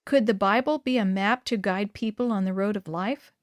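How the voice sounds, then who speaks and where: A woman reading a first-person story aloud in an earnest, measured storytelling manner. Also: medium pitch, dry recording, clean studio sound.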